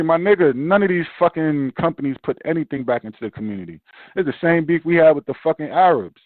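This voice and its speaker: Brief: fired-up New guy, slightly high voice, dry and tinny sound, swears a lot. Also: fast, no echo. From Brooklyn, New York. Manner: profane, animated ranting. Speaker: podcast host. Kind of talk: casual chat.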